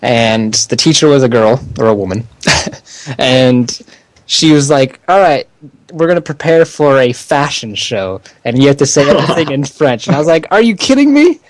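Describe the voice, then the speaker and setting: A man's voice: mid-range voice, moderate pace, dry recording. A young man co-hosting a casual podcast, laughing often and stumbling through the news he reads. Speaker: podcast co-host.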